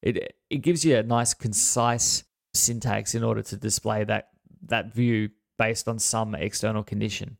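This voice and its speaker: An Australian man co-hosting a casual tech podcast, relaxed and easygoing, thanking contributors as he goes through the news. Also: lowish voice, measured pace, gravelly, dry recording, clean studio sound. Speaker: podcast co-host.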